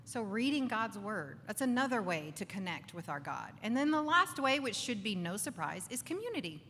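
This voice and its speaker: A woman giving an animated faith talk to a live audience in a bar, acting out inner voices and asking the crowd for agreement. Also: medium pitch, moderate pace, slight background noise. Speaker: speaker. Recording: distant voice with long reverb, faint ambience.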